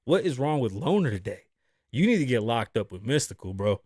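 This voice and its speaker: A man hosting his own show, telling stories in a casual, profane, animated way. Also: mid-range voice, fairly quick, breathy edge, no room sound, studio quality. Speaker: podcast host. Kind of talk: casual monologue.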